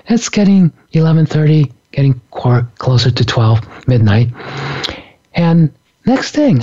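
A man telling a story in a relaxed spiritual talk, animated and laughing often. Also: medium pitch, slightly rough, muffled recording. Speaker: author and speaker.

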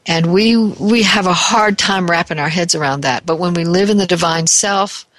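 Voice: medium pitch, moderate pace, a bit bright, no room sound. A spiritual teacher giving a reflective talk, thinking aloud, searching for words and correcting themselves as they go. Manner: thoughtful, searching, self-correcting.

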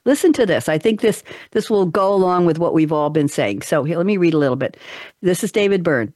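A woman's voice: fairly low pitch, animated, fairly quick, darkish tone, no echo, clean studio sound. A woman radio talk show host telling stories in a casual chat, acting out quoted voices with animation.

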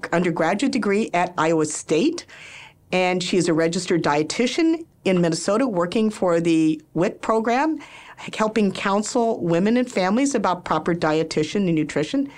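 An older woman hosts a radio talk show in a studio, chatting warmly through introductions with frequent laughs and little anecdotes. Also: medium pitch, animated, normal speed. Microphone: studio microphone.

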